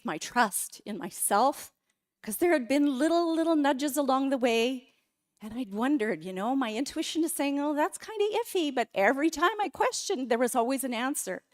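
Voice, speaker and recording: A middle-aged woman giving a personal testimony talk in a church, telling her story dramatically and with feeling. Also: high voice. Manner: emotional, dramatic storytelling with quoted outbursts. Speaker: guest speaker. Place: church sanctuary.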